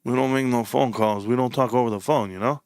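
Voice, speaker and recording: A man doing a voice of a gruff, secretive old-school New York mobster in a put-on New York mobster accent. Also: medium pitch, fast talker, a little mellow, no echo, pitched below the performer's own voice, close to an everyday voice.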